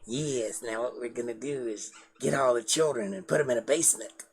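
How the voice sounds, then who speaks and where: Guy doing a creepy soft-spoken lecturer, hushed and sly, kinda creepy-slow. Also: medium pitch, husky, pitched below the performer's own voice. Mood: sinister.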